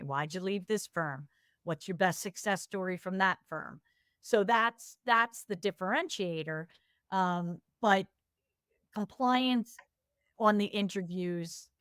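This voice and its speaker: A woman speaking as an HR compliance expert on a business podcast, telling lively stories and acting out quoted exchanges. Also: mid-range voice, clean tone, dry recording, clean studio sound. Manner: animated storyteller, acts out quoted exchanges. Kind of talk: casual business discussion.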